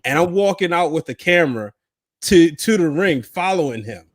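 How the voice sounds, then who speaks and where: A man co-hosting a podcast, telling an animated story full of fillers. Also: on the high side, moderate pace, no echo, clean studio sound. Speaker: podcast co-host. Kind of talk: casual chat.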